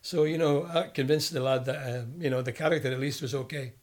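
With a medium-pitched voice and a fast delivery, a former footballer from Scotland, now older, recounts stories during an interview. He's an animated storyteller who performs the voices of those he quotes.

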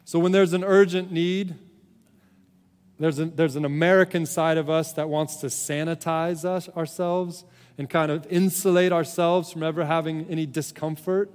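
A man preaching a sermon as a pastor, speaking in an earnest, conversational way with frequent restarts, swinging between emphatic peaks and hushed, low passages. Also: fairly even intonation, moderate pace, clear, resonant tone, long reverb tail.

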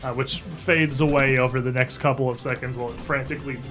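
A man's voice: medium pitch, fairly even intonation, quick pace, a bit bright, soft background music. A man running a tabletop game as game master, describing the action in a laid-back, chatty way.

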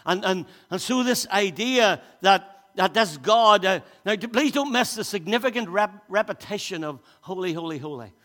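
A man's voice: high voice, animated, moderate pace, sharp tone. A man preaching a sermon in a church, reading scripture aloud and speaking with emphasis, often repeating and restarting his words. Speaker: pastor. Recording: long reverb of a church hall.

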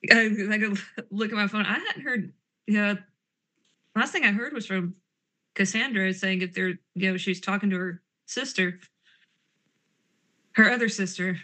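A woman plays her character in a tabletop role-play, switching between in-character lines and description. Her voice is bright and keen. Her banter is petulant and sarcastic. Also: medium pitch, moderate pace, pauses often.

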